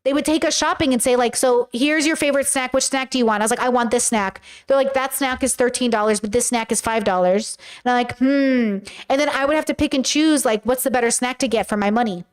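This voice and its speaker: A woman's voice: a little high, fast talker, few pauses, clear, resonant tone. A young woman hosting a livestream, chatting casually and bluntly with viewers as she reads their messages. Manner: animated, blunt, talks straight to viewers. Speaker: livestream host reading chat. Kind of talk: casual chat. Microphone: webcam or desk mic on a livestream.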